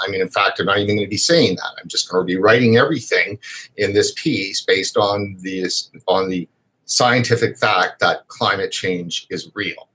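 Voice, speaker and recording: Host, male, low husky voice, rambling and emphatic, live-stream chat. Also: moderate pace, sharp tone. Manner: rambling, emphatic, with fillers and restarts. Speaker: host of a vaping news show. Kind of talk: casual live stream talk.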